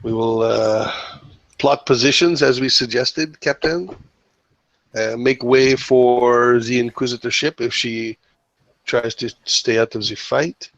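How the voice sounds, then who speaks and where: A man voicing a male ship captain, halting and full of fillers. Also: medium pitch, steady tone, a bit bright, no echo. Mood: earnest. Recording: muffled lo-fi recording.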